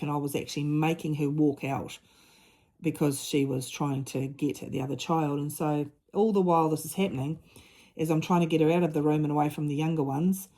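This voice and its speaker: A middle-aged woman talking through a personal story in a casual chat, earnest and halting, often restarting her sentences. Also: low voice, mellow. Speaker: mother and diamond-painting vlogger.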